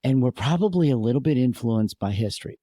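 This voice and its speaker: A man's voice: mid-range voice, animated, fast, dark tone, dry recording, studio quality. A man co-hosting a podcast who talks casually and thoughtfully, often ending with tag questions. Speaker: podcast co-host. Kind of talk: casual chat.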